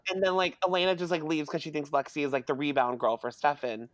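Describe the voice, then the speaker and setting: Talking fast in a slightly high voice, a podcast co-host casually recaps a TV episode, rambling and using "like" over and over. The recording is dry.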